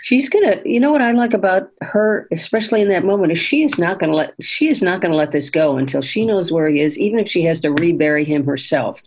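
A woman co-hosting a podcast walks through a scripture scene in an easy conversational tone. She quotes the lines as she goes, with an even, reflective manner. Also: lowish voice, fast, few pauses, low-quality recording. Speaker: podcast co-host. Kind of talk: conversational faith podcast discussion.

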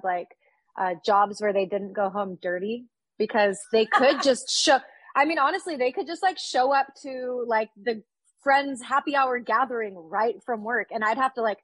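A woman's voice: mid-range voice, dry recording, rough recording. A woman in her thirties from California, chatting upbeat and casually as a podcast guest, with lots of fillers. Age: 30s.

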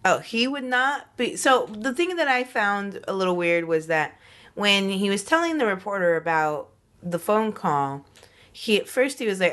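A woman's voice: medium pitch, big pitch swings, normal speed, fairly bright tone. A woman co-hosting a podcast, telling a story in a casual, rambling way with many fillers and restarts. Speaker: podcast co-host.

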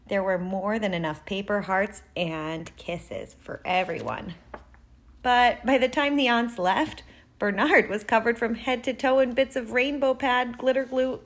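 A woman reading a picture book aloud to children in a deliberate, expressive way. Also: fairly high pitch. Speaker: reader.

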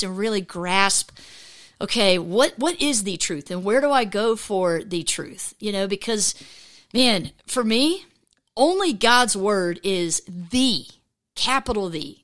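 A woman hosts a casual faith podcast, chatting in an animated, medium-pitched voice full of fillers and restarts. She acts out the voices of people she quotes.

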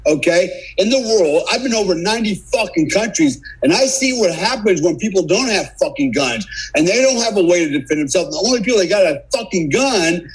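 An older man ranting on a podcast, swearing at almost every turn and hammering each point home in anger. His voice sits high for a man and has a husky edge. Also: lively intonation, fairly quick, few pauses, low-quality recording. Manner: angry, profane, emphatic. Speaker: podcast guest. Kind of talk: heated podcast rant.

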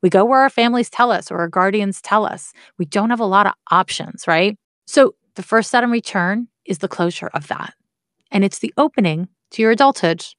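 Briskly and in a medium-pitched voice, an astrology teacher lays out her topic in an easygoing, candid way. She swears from time to time and adds wry asides, and the recording is dry with studio quality.

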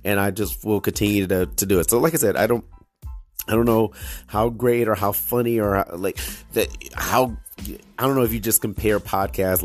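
Deep-voiced rambling man hosting podcast. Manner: rambling, crude jokes, frequent restarts. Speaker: podcast host. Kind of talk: casual solo podcast talk.

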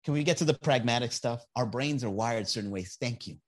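A man's voice: medium pitch, fairly quick. A man hosting a comedy podcast, chatting casually and reading viewer comments, profane and sarcastic, often laughing at his own jokes.

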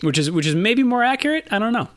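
A man hosting a casual podcast chat, relaxed, laughing easily and filling pauses with ums and uhs. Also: very high-pitched, no echo. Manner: relaxed, laughs often, many fillers. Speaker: podcast host.

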